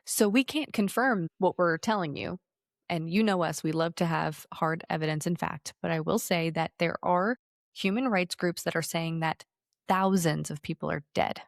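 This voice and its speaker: A woman in her thirties co-hosting a podcast, talking politics in a sarcastic, animated way with some swearing. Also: on the low side, normal speed, creaky, no room sound, clean studio sound. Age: 30s. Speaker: podcast co-host. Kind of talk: casual political chat.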